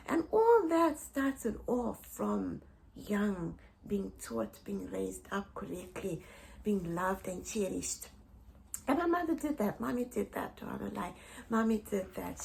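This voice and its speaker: A woman's voice: mid-range voice, gravelly, a little mellow. A middle-aged woman from Zimbabwe, telling heartfelt family stories to camera, repeating phrases and often laughing or tearing up. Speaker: vlogger. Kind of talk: personal storytelling to camera.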